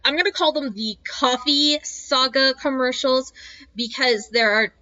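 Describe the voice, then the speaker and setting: High bright woman with a Northeastern US accent. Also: measured pace. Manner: explanatory, amused. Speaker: podcast co-host. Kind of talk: casual chat. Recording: dull, slightly lo-fi sound.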